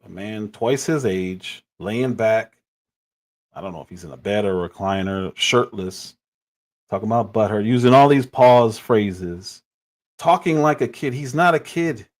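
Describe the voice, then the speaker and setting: A man's voice: lowish voice, a little slow. A man in his forties giving critical, exasperated commentary on clips during a livestream.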